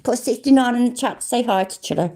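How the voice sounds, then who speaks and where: A woman's voice: on the high side, fast talker, mellow. A British woman hosting a casual livestream, swearing and laughing often as she chats. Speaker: livestream host.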